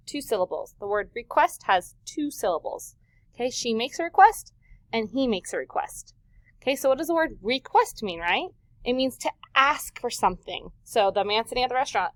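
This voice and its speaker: A woman teaching a recorded vocabulary lesson to young students, patient and clear, drawing words out slowly for the class to repeat and checking in often. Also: fairly high pitch, lively intonation, no room sound. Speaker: elementary school teacher.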